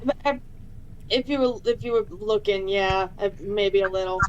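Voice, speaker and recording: A woman playing a tabletop role-playing game, tossing in quick, teasing asides. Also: mid-range voice, muffled recording, background noise. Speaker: player. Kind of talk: casual tabletop game banter.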